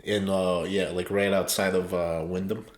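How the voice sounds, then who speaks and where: A man co-hosting a podcast with an easygoing, slangy way of telling stories. His voice sits on the low side. The room gives it a noticeable echo. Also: level tone, moderate pace. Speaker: podcast co-host. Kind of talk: casual chat. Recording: roomy echo.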